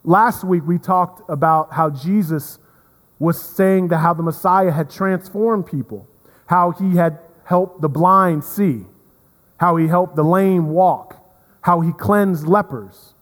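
A man preaching a sermon as pastor, earnest, repeating words and swinging from emphatic to hushed. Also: sits high, slow. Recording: long reverb of a hall.

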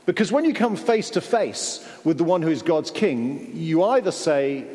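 A man's voice: a little high, very animated, moderate pace, hardly any pauses, mellow, long reverb tail. An English man preaching a sermon, telling stories animatedly and acting out the voices he quotes. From England.

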